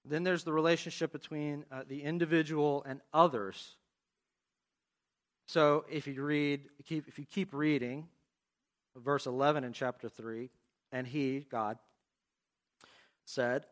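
A man preaching a sermon, reading scripture aloud and asking the congregation questions in an expressive way. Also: on the high side, normal speed. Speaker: pastor.

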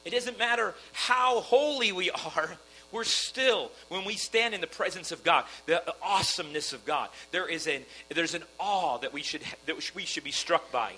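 High bright-voiced preaching man. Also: animated, normal speed, slight background noise, rough recording. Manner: earnest preaching with frequent restarts. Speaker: pastor. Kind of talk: sermon.

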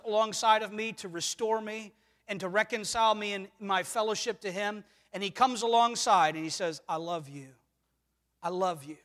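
Pastor, male, very high voice, earnest sermon delivery in a reverberant church sanctuary. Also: a bit bright. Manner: earnest preaching, rhetorical questions, swells and drops in volume. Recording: long reverb of a church hall.

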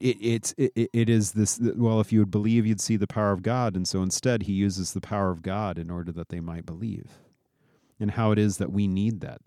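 A man's voice: fairly low pitch, warm tone, no echo, clean studio sound. A man preaching a sermon in a conversational way, often repeating words as he starts a phrase.

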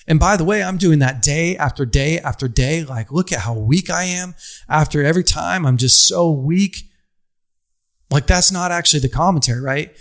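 A man's voice: a little high, normal speed. A young adult man giving a conversational motivational sermon to an audience, stacking phrases into long lists. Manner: conversational, repetitive lists, casual fillers. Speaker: speaker addressing an audience.

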